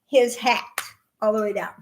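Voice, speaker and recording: Animated chatty woman telling stories. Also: on the high side, normal speed. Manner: animated storyteller, acts out voices. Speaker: podcast co-host. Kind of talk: casual chat.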